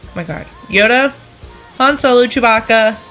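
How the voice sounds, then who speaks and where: Upbeat twenty-something woman, fairly high voice, casual to-camera chat full of quick asides, soft music in the background. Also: rough recording. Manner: chatty and enthusiastic, with quick self-correcting asides. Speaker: vlogger.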